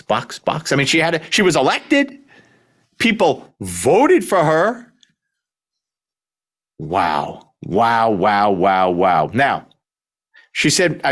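Sarcastic, lively male talk host. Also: lowish voice. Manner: sarcastic, incredulous, exclamatory. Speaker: radio talk show host. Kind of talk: opinionated talk radio monologue.

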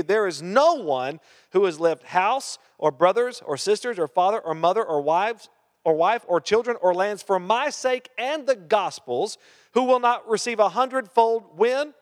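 A man preaching a sermon, reading scripture aloud and breaking off to question and joke with the congregation. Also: high-pitched. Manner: reads scripture, then asks the crowd questions and jokes. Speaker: pastor. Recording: long hall reverb.

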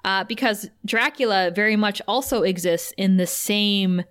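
A woman co-hosting a podcast in casual chat, animated and laughing often as she acts out lines. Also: medium pitch, moderate pace, clear, resonant tone. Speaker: podcast co-host. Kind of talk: casual chat recapping a TV episode.

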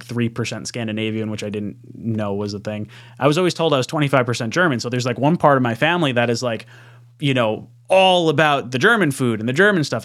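A man's voice: mid-range voice, a bit bright. A man hosting a sports talk podcast, chatting casually and reading out listener comments. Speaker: podcast host. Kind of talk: casual chat.

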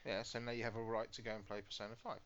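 Quick, sarcastic man. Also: on the low side, little pitch movement, fairly bright tone. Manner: sarcastic, teasing, sweary. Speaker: podcast co-host. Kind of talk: casual gaming podcast chat. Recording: dull lo-fi audio.

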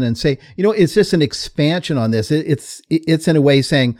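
A man's voice: on the high side, lively intonation, brisk, few pauses, darkish tone. A man on a podcast panel giving thoughtful commentary, repeating words as he gathers his thoughts. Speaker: co-host. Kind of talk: reflective commentary.

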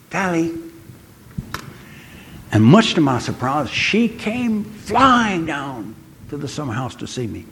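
An older man preaching a sermon in an earnest way, pausing often and slowing down to stress key words. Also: a little high, fairly bright tone, slight background noise. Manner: earnest, pausing, slows for emphasis.

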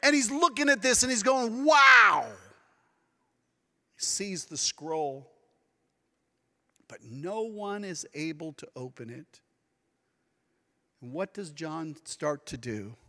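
Male pastor, sermon, bright high voice, slow deliberate delivery, church reverb. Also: lively intonation. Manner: dramatic preaching, acting out quoted voices. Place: church sanctuary.

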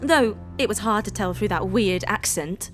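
A woman's voice: mid-range voice, moderate pace, faint music behind, close to an everyday voice. An actress playing a sarcastic, unimpressed young woman on a strange date, with dry, sardonic delivery in a comedic audio drama.

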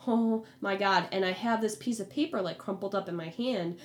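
A young adult woman casually telling a personal story, animated and acting out the voices of others. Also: mid-range voice, a little fast. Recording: echoey room with faint hum.

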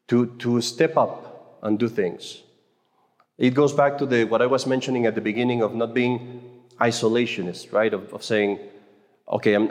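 A man's voice: medium pitch, a little mellow. A man speaking at a conference for Catholic mothers, giving an informal faith talk in a conversational, joking way with frequent stammered restarts. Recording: echoey hall with long reverb.

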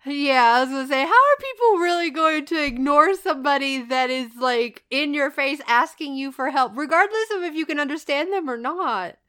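A woman chats casually as a co-host, incredulous and quick to laugh. Her voice is high and bright with a sharp edge. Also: lively intonation. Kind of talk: casual chat.

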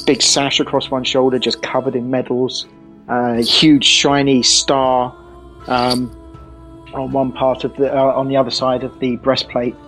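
A man playing a tabletop game, describing his character in a halting way with many pauses and fillers. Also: medium pitch, level tone, a bit bright, faint music behind, rough recording. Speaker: player.

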